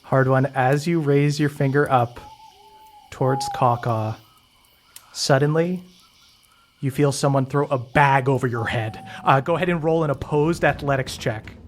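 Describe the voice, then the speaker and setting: A man's voice: mid-range voice, unhurried, slight background noise. A man narrating a tabletop game as game master, in a loose, chuckling way with many fillers.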